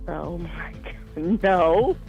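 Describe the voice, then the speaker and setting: Gravelly woman caller on a muffled line. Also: on the low side, drawn-out words, over music. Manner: shy, flustered, laughing off the questions. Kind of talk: phone-in chat. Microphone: phone.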